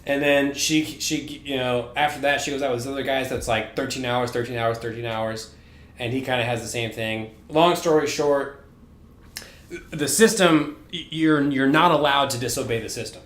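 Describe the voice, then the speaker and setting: A man's voice: medium pitch, normal speed, a bit bright. Rambling, profane man retelling a story. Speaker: podcast co-host. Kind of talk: casual chat. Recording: roomy echoey room.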